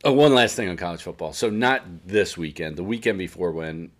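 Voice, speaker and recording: A man's voice: low voice, lively intonation, brisk. A man co-hosting a casual sports chat, swearing freely and telling stories with laughter. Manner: profane, storytelling, laughs often. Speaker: podcast co-host.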